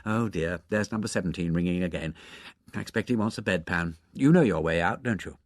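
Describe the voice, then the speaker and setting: A man's voice: sits low, fairly quick, no room sound, clean studio sound, voice pushed down, natural voice. A man voicing a chatty hospital nurse who gossips fondly about her patient.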